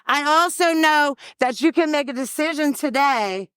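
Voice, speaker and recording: A woman with a high voice gives a frank testimony to a recovery group. She tells it with humor and plays out the other people in the story. The sound is close and dry. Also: moderate pace, fairly bright tone, no echo. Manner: candid, humorous storyteller who acts out voices. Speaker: speaker sharing her recovery story.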